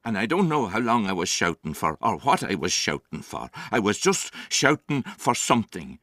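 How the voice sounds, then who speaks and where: A man's voice: on the low side, very animated, normal speed, a bit bright, no echo. An actor playing an older Irish grandfather and former farmer who tells his story in a wry, dry theatrical monologue. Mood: grim.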